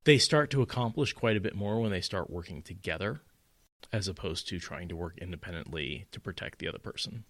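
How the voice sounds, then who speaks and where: A man's voice: fairly low pitch, expressive, brisk, fairly bright tone, dry recording. A man co-hosting a podcast, talking through a fantasy novel in casual chat and mocking the characters in put-on voices. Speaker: podcast co-host. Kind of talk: casual book discussion.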